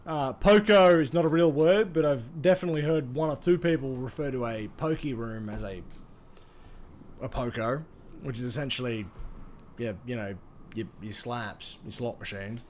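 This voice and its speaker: A man's voice: mid-range voice, moderate pace, darkish tone, a little hiss or hum. A man with an Australian accent chatting casually on a live game stream, swearing freely and joking at his own expense. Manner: swears freely, jokey and self-mocking.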